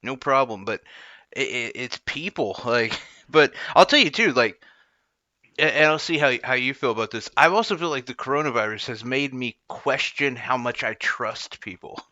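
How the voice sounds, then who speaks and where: A man with a bright, forceful voice chats casually, poking fun at himself and breaking into laughs. The sound is dull and lo-fi, and close and dry. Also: medium pitch, lively intonation, moderate pace, dry recording. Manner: self-deprecating, laughs often. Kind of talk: casual chat.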